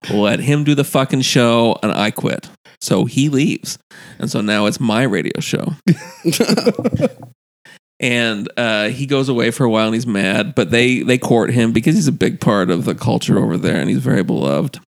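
A man's voice: medium pitch, lively intonation, moderate pace, vocal fry. A man telling a long profane story in casual chat, acting out the people he quotes. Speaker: podcast guest telling a story.

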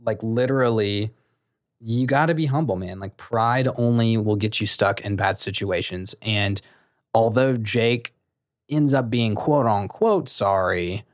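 A man's voice: lowish voice, measured pace, dry recording, clean studio sound. A young man co-hosting a casual podcast, talking in a laid-back way and telling loose stories. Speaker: podcast co-host.

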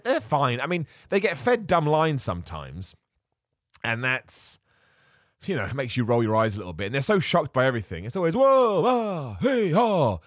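A man talking on his own podcast in a chatty, opinionated way, with quick self-corrections along the way. His pitch swings widely as he gets worked up. The sound is dry and close, with no room around it. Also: a bit bright, no room sound. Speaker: podcast host. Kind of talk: casual solo wrestling podcast.

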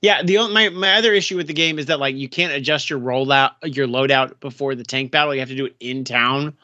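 A man co-hosting a casual talk show about video games, rambling along with plenty of fillers and restarts. His voice is bright and forceful, and it sits dry and close to the mic. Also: mid-range voice, fast talker, no room sound, lo-fi sound.

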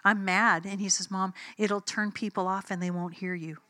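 A woman's voice: medium pitch, fairly even intonation, normal speed, a bit bright, dry recording. A woman preacher giving a sermon in a conversational, emphatic way, telling personal stories and acting out the dialogue.

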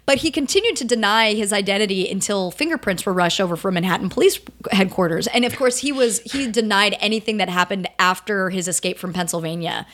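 A woman's voice: mid-range voice, a little fast, hardly any pauses, fairly bright tone. A woman co-hosting a podcast, retelling a true-crime story in a chatty, casual way full of fillers and asides. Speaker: podcast co-host.

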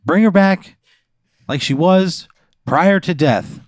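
A man's voice: sits high, takes it slowly, no echo. Male improv player, cursing, exasperated, dry mic. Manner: profane and exasperated. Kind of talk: improvised comedic role-play.

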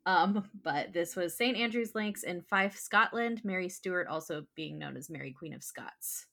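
A woman hosts a trivia game on a casual podcast, reading questions with a bright, forward tone. She laughs easily as she goes and keeps things light. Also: on the low side, normal speed, creaky. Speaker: trivia host.

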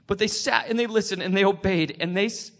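A man sharing a personal faith testimony, emotional and tearful, halting with many restarts. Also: high voice, a bit bright.

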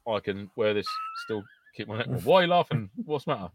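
A man's voice: mid-range voice, expressive, fast talker, background noise. A man co-hosting a podcast, joking and teasing his co-hosts in casual banter. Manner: teasing, jokey. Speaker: podcast co-host.

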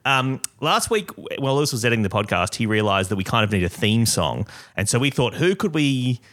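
A man co-hosts a podcast. His pitch swings a lot as he teases and laughs, and his voice sits in a middle register. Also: animated, a little fast, fairly bright tone. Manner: laughing, teasing, bouncy delivery. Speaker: podcast co-host. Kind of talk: casual chat. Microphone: phone call recorded with podcast mic.

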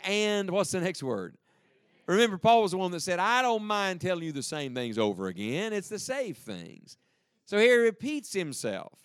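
A man's voice: high voice, big pitch swings, normal speed, clear, resonant tone, no echo, clean studio sound. A man preaching a sermon with emphasis and joking asides, leading the congregation to read aloud with him. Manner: leads the congregation in reading aloud. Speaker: pastor.

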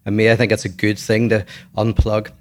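A man's voice: on the low side, completely flat delivery, a little fast. A man co-hosting a podcast, chatting casually with dry, teasing remarks and thoughtful opinions. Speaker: podcast co-host. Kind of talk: casual chat.

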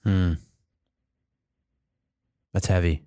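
A man's voice: low-pitched, level tone, extremely slow, mellow, clear, resonant tone, dry recording, studio quality. A man chatting on a podcast, musing in a loose, self-deprecating way. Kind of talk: casual podcast chat.

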